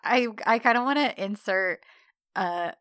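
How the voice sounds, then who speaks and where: An American woman co-hosting a casual podcast, animated and quick to laugh. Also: mid-range voice, dry recording, clean studio sound. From United States. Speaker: podcast co-host. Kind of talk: casual chat recapping a TV series.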